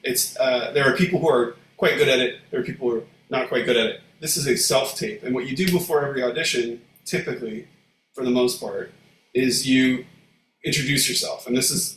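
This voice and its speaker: A man co-hosting a casual livestream in a rambling, relaxed way, with some swearing. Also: medium pitch. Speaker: co-host. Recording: echoey room, faint noise.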